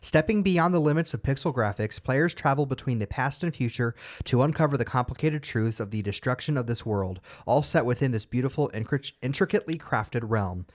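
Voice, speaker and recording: Man, podcast co-host, medium pitch, reads game blurbs fast, stumbles over words. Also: lively intonation. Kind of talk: casual chat and reading game release news.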